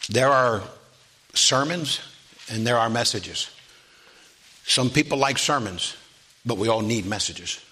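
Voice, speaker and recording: A man preaching a sermon to a congregation, asking for amens and building from steady talk to loud, high, drawn-out preaching. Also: slightly rough.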